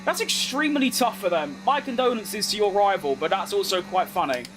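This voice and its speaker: A young man with a British accent, chatting casually as he streams a racing game, reacting fast and poking fun at himself. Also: high-pitched, lively intonation, noisy background. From United Kingdom. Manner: chatty, quick reactions to the race, self-mocking. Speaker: gaming streamer. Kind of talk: live gameplay commentary while reading chat.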